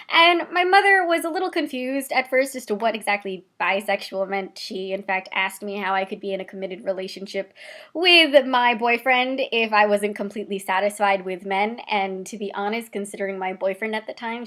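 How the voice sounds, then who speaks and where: A young woman in her twenties tells personal stories to the camera, chatty and animated. Her voice sits a little higher than most, and she tosses in quick asides as she goes. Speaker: vlogger. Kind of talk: casual personal storytelling to camera.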